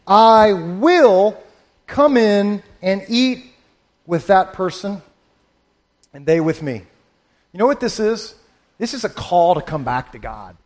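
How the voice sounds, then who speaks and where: A middle-aged man preaching a sermon, earnest and halting, often restarting his sentences. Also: high voice, lively intonation. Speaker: pastor.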